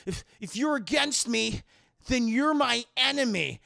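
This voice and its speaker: A man's voice: very high voice, lively intonation, a little slow, vocal fry, pushed and bright, pitched above the performer's own voice, full character voice. A man voicing a hotheaded young male knight turning evil, in a frantic, stammering, crude way. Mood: defiant.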